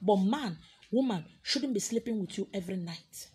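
A woman's voice: mid-range voice, animated, normal speed, a little mellow, a little hiss or hum. A woman with a Nigerian accent, preaching as a spiritual teacher in a scolding, confrontational way. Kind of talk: preaching to an audience.

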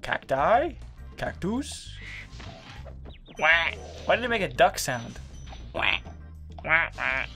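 Goofy man with a lively, bouncy voice. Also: slow pace, creaky, long pauses, faint music behind. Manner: goofy, jokey, swoops in pitch. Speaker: let's play commentator. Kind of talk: casual gameplay banter.

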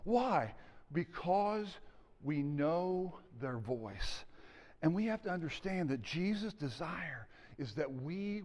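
A male pastor preaching a sermon in an animated way, acting out the scenes. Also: on the high side, slow pace, big-room sound. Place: church sanctuary.

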